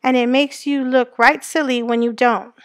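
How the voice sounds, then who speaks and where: A woman teaching a recorded class in a high, light voice. She explains things step by step and often checks in with her students. The sound is dry and close, with no room echo. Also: fairly even intonation, moderate pace. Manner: explanatory, checks in with "okay?" and "right?".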